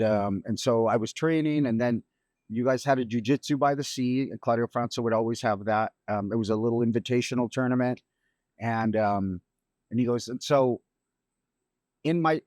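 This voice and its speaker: A middle-aged man, a grieving father, telling a personal story on a podcast in a halting, reflective way with many restarts. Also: medium pitch, darkish tone, dry recording, clean studio sound. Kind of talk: emotional storytelling.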